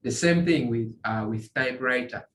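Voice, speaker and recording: A man teaching a beginner's coding tutorial, walking through screen examples in a halting way, often repeating and restarting phrases. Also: mid-range voice. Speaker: tutorial instructor. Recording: echoey room, faint ambient noise.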